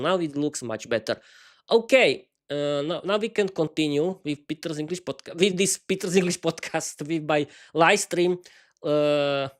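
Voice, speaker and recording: A man with a slightly higher than usual voice rambles casually to his live-stream viewers. He stumbles and restarts his sentences often, stuttering through his words, and speaks into a desk microphone in a small home studio. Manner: hesitant, stuttering, many restarts; chatty, talks to viewers while fiddling with lighting. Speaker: podcast host.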